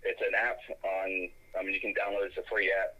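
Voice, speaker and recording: A man's voice: sits low, flat delivery, quick pace, bright, forceful tone, muffled recording. A man who is a podcast guest, talking in laid-back casual chat, swearing casually and repeating himself.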